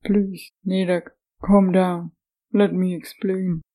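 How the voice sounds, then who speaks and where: A calm, earnest man, voiced by a woman reading an audiobook, talks slowly and evenly with a mellow, dark tone. His speech is soothing and reasoning, with little rise and fall. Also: fairly low pitch, rough recording. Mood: calm, pleading. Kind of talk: audiobook character voice.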